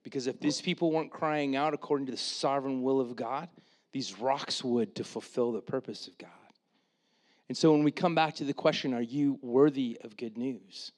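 A man preaching a sermon, retelling the story in a casual, animated way with quoted asides, then dropping to a quiet, earnest tone for his main points. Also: medium pitch, normal speed. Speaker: pastor.

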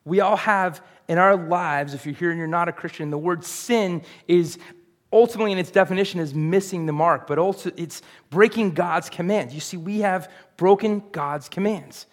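A man's voice: sits high, normal speed. A middle-aged man, preaching a sermon in a casual, conversational way and putting questions to the congregation. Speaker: pastor.

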